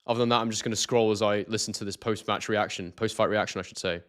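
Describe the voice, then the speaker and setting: Quick-paced and lowish in pitch, this boxing stream host is excitable and chatty. He talks right to his viewers and repeatedly reads names and messages from the chat.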